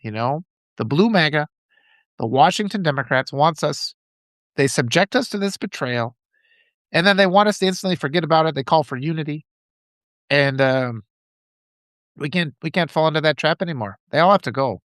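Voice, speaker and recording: A man hosting a live stream, speaking with fervent conviction in a somewhat high voice. He hammers his points home by repeating phrases and reacts to viewer chat between remarks. The sound is close and dry, with no room echo. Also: animated, moderate pace, pauses often, fairly bright tone. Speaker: livestream host. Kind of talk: impassioned political commentary reading live chat.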